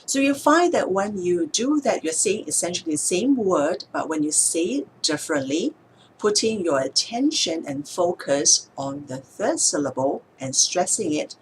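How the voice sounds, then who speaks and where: A woman speech therapist explaining speech techniques in a calm, measured way, sometimes slowing down to show a word's stress. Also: lowish voice, slight background noise. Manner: calm, measured, demonstrates words slowly with stress. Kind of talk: instructional explanation to camera.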